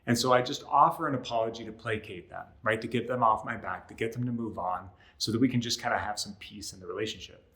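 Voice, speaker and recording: Man explaining calmly, tag-question habit. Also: fairly low pitch, fast, few pauses. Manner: conversational, often adds "right?"; acts out short example lines in other voices. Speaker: relationship counselor. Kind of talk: educational talk to camera.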